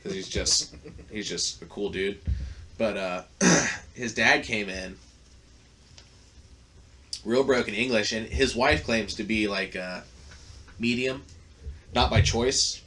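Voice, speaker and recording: A man's voice: lowish voice, slow pace, pauses often, sharp tone. A man hosting a podcast, telling a long story in a casual, profane, rambling way with lots of fillers. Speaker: podcast host.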